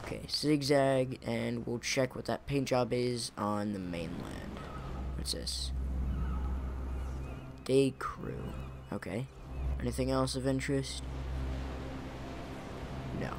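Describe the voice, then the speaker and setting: Speaking slowly in a mid-range voice with vocal fry and long pauses, a young man rambles through commentary on his own gameplay. This gaming YouTuber chuckles and keeps correcting himself mid-sentence, and background noise is audible.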